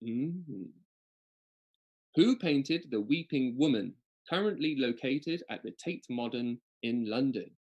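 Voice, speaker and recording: Husky-voiced playful man hosting a quiz. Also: mid-range voice, expressive, muffled recording. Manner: playful, chatty, reads questions slowly. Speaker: quiz co-host. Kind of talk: casual online quiz hosting.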